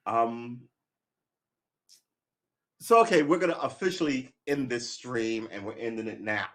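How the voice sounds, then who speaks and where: A man's voice: medium pitch, unhurried. A man chatting casually on a live stream, rambling and making wry jokes.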